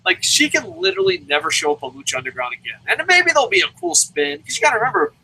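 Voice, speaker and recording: A man hosting a casual wrestling review, talking in animated bursts and swearing freely. His voice is bright and lively, rising and falling a great deal. A faint room ambience sits behind him. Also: sits high, rapid-fire, slight background noise, rough recording. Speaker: wrestling review show host. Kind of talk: casual chat.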